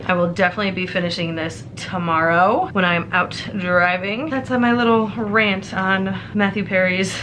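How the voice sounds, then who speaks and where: A woman's voice: medium pitch, fairly even intonation, moderate pace, few pauses, background noise. A woman in her twenties, a book vlogger, ranting casually and heartfelt with lots of "like" and emphatic asides. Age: 20s. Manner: heartfelt, emphatic, heavy use of "like". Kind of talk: casual chatty rant.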